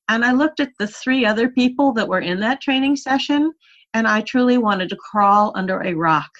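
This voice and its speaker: A woman guest in an interview, telling a story in a lively, animated way. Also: mid-range voice. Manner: animated storyteller, laughs while recalling. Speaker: interview guest, horse rider.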